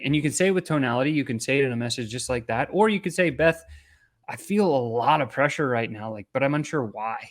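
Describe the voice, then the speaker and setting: A man in the role of a sales coach, teaching in an easy conversational manner. His voice sits at a middling pitch, and he keeps checking in with a quick "right?" as he explains. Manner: conversational, often tags lines with "right?". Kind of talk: instructional talk to camera.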